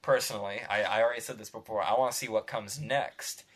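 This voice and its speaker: A man's voice: lowish voice, fairly even intonation, fast talker, a bit bright. A man hosting a casual podcast chat about tabletop role-playing, rambling and laughing between phrases. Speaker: podcast host.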